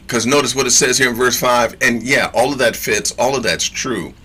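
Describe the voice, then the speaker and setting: A man's voice: mid-range voice, moderate pace, few pauses, sharp tone, breathy edge. A man teaching from scripture in a casual sermon, reading verses aloud and breaking in with slangy, emphatic asides and repeated phrases.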